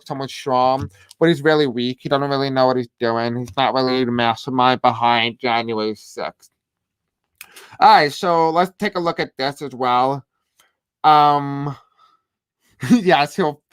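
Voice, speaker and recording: Tarot reader vlogging a reading, mid-pitched, smooth and dry-sounding, halting delivery with repeated phrases. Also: dry recording. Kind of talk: casual tarot reading to camera.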